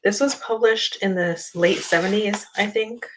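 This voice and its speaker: A woman's voice: medium pitch, moderate pace, noisy background. A woman hosting a casual book discussion, chatty and rambling with many ums. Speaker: book channel host.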